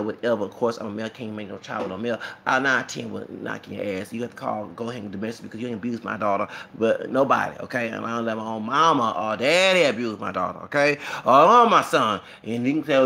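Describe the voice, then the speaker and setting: A man's voice: mid-range voice, creaky. A man, rambling through a casual monologue with frequent asides and laughter. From Texas. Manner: rambling, animated, laughs often, many asides. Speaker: YouTuber.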